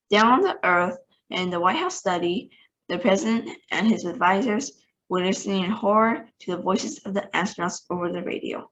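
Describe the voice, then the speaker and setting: A woman's voice: medium pitch, normal speed. A woman reading a children's book aloud, voicing each character's lines. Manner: animated, shouts out characters' lines.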